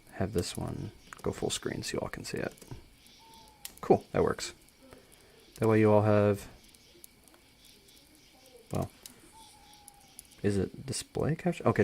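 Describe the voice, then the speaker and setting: A man's voice: on the low side, vocal fry, a little mellow, a little hiss or hum. A young man with a dry throat reading a story aloud on a live stream, chatty and joking between passages. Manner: casual, joking, chatty asides.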